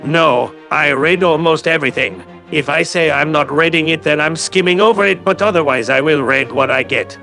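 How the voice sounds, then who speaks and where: A man's voice: a little high, normal speed, gravelly, hardly any pauses, bright, forceful tone, faint music behind. A man giving a sarcastic, condescending callout commentary as a YouTube commentator.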